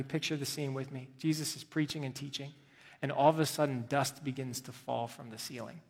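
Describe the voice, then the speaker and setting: A man, a pastor, preaching a sermon in a church, telling the story dramatically and moving between hushed and loud delivery. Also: mid-range voice, fairly even intonation, fairly quick, gravelly, husky, in a large hall. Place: church sanctuary.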